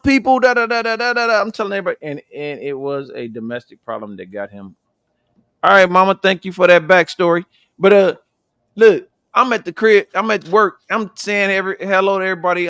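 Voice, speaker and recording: A man co-hosting a casual podcast, telling stories in an animated, profane way with loud bursts. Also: sits high, clear, resonant tone, dry recording, studio quality. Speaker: podcast co-host.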